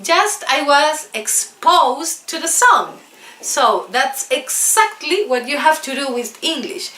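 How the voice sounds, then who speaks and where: Slow, bright-voiced woman teacher, echoey. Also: sits high, big pitch swings. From South America. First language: Spanish. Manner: earnest, repeats points for emphasis. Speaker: English teacher. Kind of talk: casual video lesson. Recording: echoey room.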